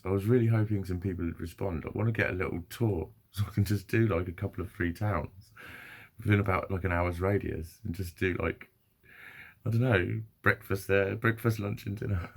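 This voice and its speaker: A man's voice: low-pitched, normal speed, vocal fry, husky. A man vlogging in a rambling, sweary, self-deprecating monologue. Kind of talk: casual monologue.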